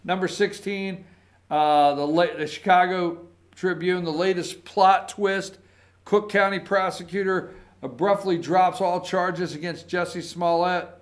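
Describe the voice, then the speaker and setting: Male opinion host, high voice, sarcastic and combative, rambling. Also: fairly even intonation, unhurried. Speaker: political commentary host. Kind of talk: opinionated political commentary.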